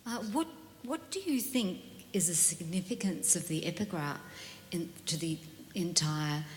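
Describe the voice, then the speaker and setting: A woman in the audience asking a question and reading aloud in a halting, hesitant way. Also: on the low side, a little hiss or hum. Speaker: audience member. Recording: reverberant hall with faint ambience.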